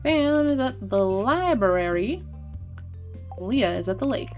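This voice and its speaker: Chatty young woman streamer, fairly high voice. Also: expressive, slow, faint music behind. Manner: chatty, swears offhandedly, laughs often. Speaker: livestreamer. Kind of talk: casual gameplay chat.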